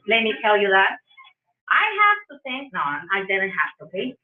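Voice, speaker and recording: A woman's voice: medium pitch, wildly swooping pitch, moderate pace. A woman with a Spanish accent, a public health trainer giving a chatty, playful conference talk. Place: conference room. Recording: far-off echoey phone-like audio.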